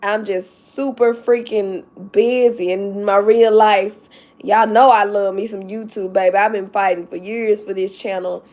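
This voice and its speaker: A woman's voice: mid-range voice, steady tone, unhurried, a little mellow. A woman chatting on her livestream, emphatic and tearful with joy, calling her viewers "baby" and "y'all". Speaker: YouTube vlogger. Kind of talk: casual livestream chat.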